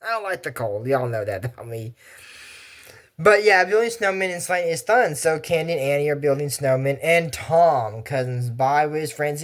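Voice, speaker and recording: Young dude rambling thru an anime recap, slightly high voice, lots of tangents. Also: male voice, normal speed. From Texas. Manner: chatty, digressive, animated asides. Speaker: anime commentary host. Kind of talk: casual rambling commentary.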